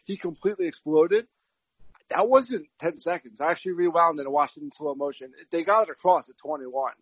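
Higher-voiced man, emphatic sports analysis. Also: a little fast, slightly rough, no echo, poor audio. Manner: emphatic, opinionated analysis with stats. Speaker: podcast co-host. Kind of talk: casual sports chat.

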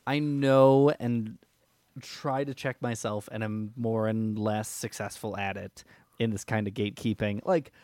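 A man's voice: fairly low pitch, fairly even intonation, a little slow, a little mellow, no room sound, clean studio sound. A man co-hosting a musical theatre podcast, talking in an opinionated, self-critical way in casual chat. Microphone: remote call.

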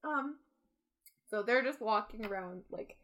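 A young woman co-hosting a podcast, telling a story in an animated way and laughing often in casual chat. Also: fairly high pitch, a little slow. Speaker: podcast co-host.

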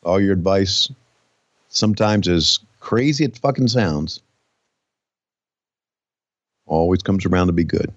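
A man's voice: deep voice, expressive, a little slow, long pauses, no echo, dull audio. A man co-hosting a podcast in casual banter, easygoing and profane, taking teasing with laughs. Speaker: podcast co-host.

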